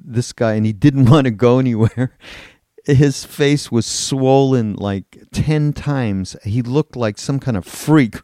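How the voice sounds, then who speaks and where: Mellow-voiced man telling rambling stories. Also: mid-range voice, no echo, studio quality. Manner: loose, rambling anecdotes with frequent laughter and cursing. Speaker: podcast co-host. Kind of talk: casual storytelling chat.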